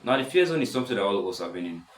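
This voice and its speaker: A seventeen-year-old boy with a deep voice, rambling casually in a self-improvement vlog, full of restarts. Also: sing-song, very fast, echoey room, low-quality recording. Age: teens. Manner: rambling, many restarts and "stuff like that". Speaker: vlogger.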